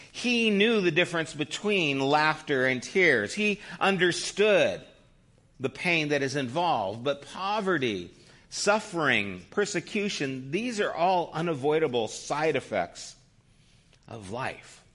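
A man's voice: fairly high pitch, big pitch swings, takes it slowly, a bit bright. A man in his fifties, a pastor preaching a sermon in a conversational storytelling way, often checking in with "right?".

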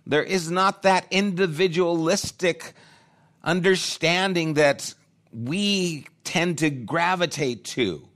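A man's voice: a little high, slow pace, fairly bright tone. A man preaching a sermon, talking in a conversational way and thinking aloud with restarts. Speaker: pastor.

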